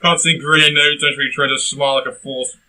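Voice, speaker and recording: A young man co-hosting a casual comedic film review, ranting and bursting into shouts. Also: a little high, little pitch movement, fast, poor audio.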